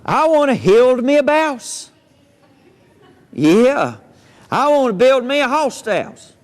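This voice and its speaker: A man voicing a goofy little pig in a comic story for children, hollering high and squeaky. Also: big pitch swings, takes it slowly, exaggerated voice. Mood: silly. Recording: long hall reverb.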